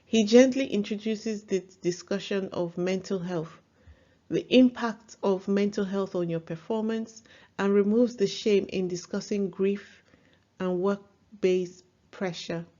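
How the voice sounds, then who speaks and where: A woman's voice: mid-range voice, steady tone, measured pace, mellow, muffled recording. Chatty woman reviewing a book. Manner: chatty, opinionated, laughs easily. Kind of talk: casual book review vlog.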